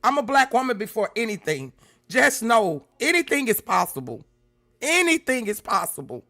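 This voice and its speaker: A woman hosting a casual livestream, greeting viewers by name and shifting between loud exclamations and quiet, emotional talk. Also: on the high side, very animated, moderate pace. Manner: emotional, swings from loud exclamations to soft near-whispers; talks straight to chat, greeting viewers by name. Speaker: YouTube livestream host.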